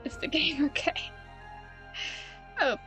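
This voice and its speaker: Chatty, self-mocking British streamer. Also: female voice, sits high, steady tone, slow pace, music in the background. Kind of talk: casual gameplay commentary.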